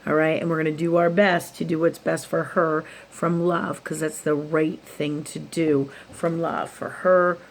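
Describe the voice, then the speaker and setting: Low-voiced woman in a rambling late-night vlog. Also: flat delivery, a little slow, few pauses. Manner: rambling, with laughs and self-talk quotes. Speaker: spiritual YouTube host.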